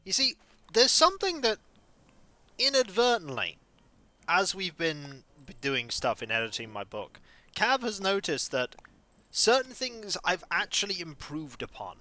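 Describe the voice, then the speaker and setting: A man streaming a game, chatting casually and telling stories in an animated, chatty way. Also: sits high, a little slow, no room sound. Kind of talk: casual chat while playing a game.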